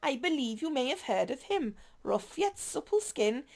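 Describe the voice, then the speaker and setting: A woman's voice: high-pitched, big pitch swings, moderate pace, vocal fry, a little mellow, pitched above the performer's own voice, heavily acted. A woman voicing a flirty, playful female secret agent with a put-on Welsh accent, teasing and coy. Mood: dreamy.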